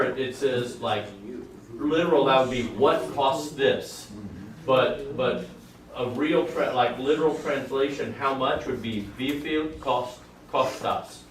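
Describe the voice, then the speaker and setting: A man's voice: medium pitch, noisy background. A man in a language class adding his own explanations at length, with restarts and qualifiers, picked up by a far camera. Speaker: class member. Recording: echoey room from far off with people around.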